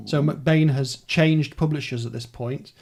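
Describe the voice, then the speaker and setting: Chatty podcast host, slightly high. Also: male voice, steady tone, unhurried, darkish tone. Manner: chatty, rambling through publishing details. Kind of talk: casual book-club chat.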